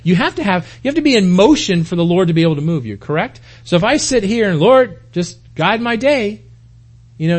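Husky high-voiced man preaching casually. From United States. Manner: folksy, asks the congregation rhetorical questions. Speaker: pastor. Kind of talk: conversational sermon.

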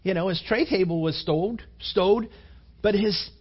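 A man's voice: high voice, unhurried, husky, dull audio. A man preaching a sermon to young men, rambling in a chatty way with many fillers and rhetorical questions.

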